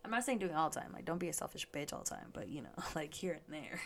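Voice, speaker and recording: A woman's voice: low voice, expressive, fast, a little hiss or hum. A young woman hosting a casual solo podcast, swearing freely and laughing often, a little stuffy and yawning. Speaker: podcast host.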